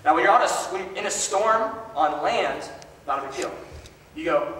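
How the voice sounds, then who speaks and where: A man preaching a sermon in a casual storytelling way, joking and animated with chatty asides. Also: on the high side, normal speed, a little hiss or hum. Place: large hall. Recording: echoey hall from far off.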